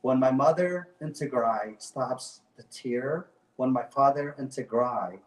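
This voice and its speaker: A man's voice: mid-range voice, measured pace, reverberant, recorded from a distance, rough recording. A man speaking as a guest on a talk show, passionate and emphatic, often repeating his phrases. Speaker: guest activist. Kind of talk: impassioned talk show speech.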